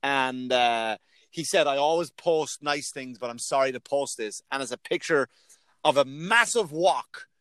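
A man in casual conversation, talking in a loud, animated way, swearing freely and acting out sudden outbursts. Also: medium pitch, measured pace, smooth, no room sound. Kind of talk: casual profane chat.

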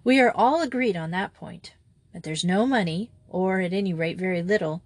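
A woman's voice: fairly low pitch, normal speed, no echo. A woman voicing a determined, cheerful young woman in an audiobook reading, speaking earnestly and persuasively.

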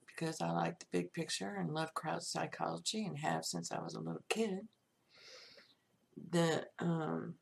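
Slow gravelly-voiced woman podcast host. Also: low-pitched. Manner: slow, gravelly, plain-spoken. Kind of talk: reflective monologue.

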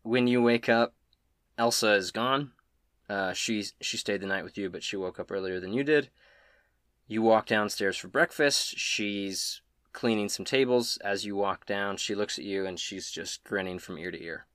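A man narrating as game master in a relaxed, jokey storytelling way. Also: on the low side, normal speed, dry recording, clean studio sound.

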